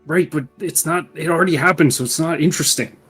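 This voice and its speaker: A man playing a tabletop game, giving blunt, deadpan retorts. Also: on the high side, fast talker, husky, faint music behind. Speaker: player. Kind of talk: casual tabletop chat.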